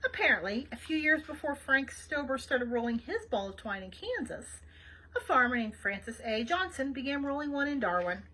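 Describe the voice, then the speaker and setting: A woman reading a children's novel aloud for a library program, expressive and chatty, with small asides to her listeners. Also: high voice, moderate pace, rough recording. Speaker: library read-aloud host.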